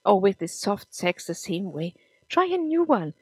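A woman's voice: mid-range voice, very animated, unhurried, slightly rough, no room sound, heavily acted. A woman reading the lines of a spiteful, cruel woman who taunts and sneers, in a dry close recording. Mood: sneering.

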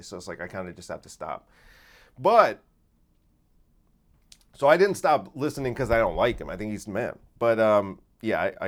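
A man who hosts a podcast and does comedy, talking through a casual solo monologue that rambles, restarts often and swings between loud bursts and quiet asides. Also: lowish voice.

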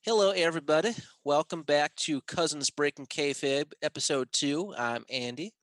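A man's voice: fairly high pitch, moderate pace, fairly bright tone, dry recording. Upbeat man co-hosting a podcast. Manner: upbeat, laughs easily, leads the show. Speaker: podcast co-host. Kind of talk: casual podcast chat.

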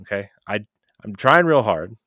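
A man with a fairly low voice talks in a casual podcast chat. He is emphatic and keeps checking in with "okay?". The sound is close and dry. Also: sing-song, moderate pace, a bit bright, no room sound. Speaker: podcast and video producer.

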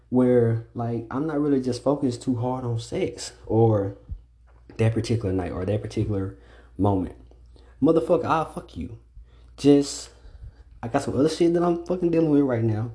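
A young man talks straight into his own podcast, alone and unscripted. His voice is dark and mellow, his delivery blunt and full of profanity, and he leans harder on his points as he goes. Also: medium pitch. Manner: blunt, profane, ranting with rising emphasis. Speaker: podcast host. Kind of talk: solo casual podcast monologue.

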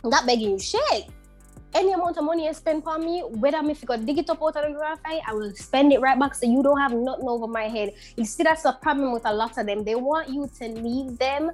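A woman's voice: high voice, fast talker, faint music behind. A woman co-hosting a podcast, talking emphatically and bluntly in casual chat, mixing in patois. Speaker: podcast co-host.

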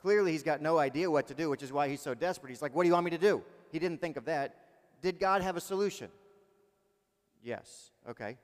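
A male pastor preaching a sermon in a lively, conversational way, asking the congregation questions. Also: a little high, a little fast, big-room sound.

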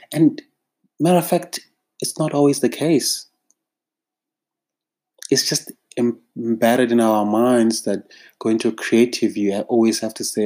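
A South African freelance creative delivers an emphatic, exasperated monologue straight to camera, drawing out his phrases. His voice is on the low side with a dark tone.

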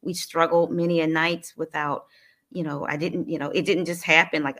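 Woman from new jersey, low voice, pretty flat, earnest and halting, telling her own story in an interview. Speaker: interview guest. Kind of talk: personal life story in conversation.

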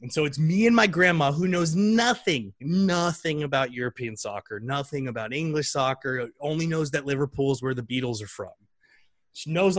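A man's voice: mid-range voice, fairly bright tone, dry recording. A man in his thirties telling a story casually and animatedly, acting out the voices of the people in it. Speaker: guest.

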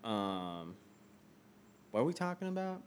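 A man's voice: medium pitch, big pitch swings, a little slow, a little hiss or hum. A man co-hosting a podcast in casual chat, laid-back and rambling, with many fillers. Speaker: podcast co-host.

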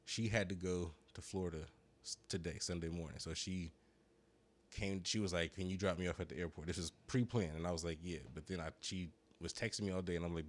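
A man rambles through a long story in casual podcast talk. He curses freely, uses a lot of slang, and sounds high. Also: fairly quick. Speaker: podcast co-host. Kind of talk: casual chat.

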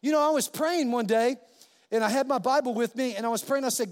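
A man preaching a sermon as a pastor, animated storytelling and acting out the voices in his quotes. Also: very high-pitched, a little fast, in a large hall.

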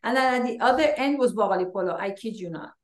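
A woman's voice: on the high side, expressive, quick pace. A woman from Iran, an author appearing as a podcast guest, who tells stories and teases the hosts in casual chat. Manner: teasing, storytelling. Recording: roomy echo.

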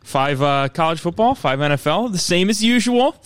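A man co-hosts a sports chat in a relaxed, self-deprecating way. His voice sits a bit high and moves around a lot. The mic sounds dry and close. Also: normal speed, smooth, no room sound. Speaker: sports podcast co-host. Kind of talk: casual sports talk.

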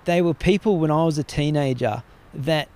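Australian man, pitched a touch high. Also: normal speed, a little mellow. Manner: rambling, heavy swearing, tells stories. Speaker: podcast guest. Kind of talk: casual podcast conversation.

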